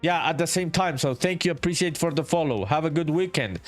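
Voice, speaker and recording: A man chatting on a relaxed live stream while he builds his indie game, his voice sitting a bit high for a man. He reads viewer comments aloud, calls everyone dude and swears freely. Soft music plays faintly behind him. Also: fairly quick. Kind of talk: casual live-stream chat while working.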